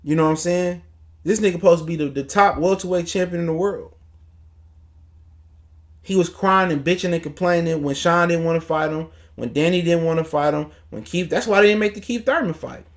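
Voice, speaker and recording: A man's voice: a little high, fairly quick. A man hosting a casual boxing livestream, ranting in a heated, profane, mocking way. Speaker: boxing talk show host.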